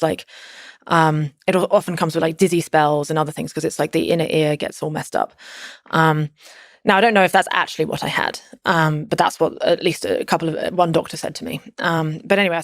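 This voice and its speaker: A woman in her thirties speaks with a fairly low voice as she tells a personal story on a podcast. She rambles casually, trails off, restarts her sentences and fills pauses often. The sound is close and dry, with no room around it. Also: no room sound. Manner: rambling, with many fillers and restarts. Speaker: podcast guest.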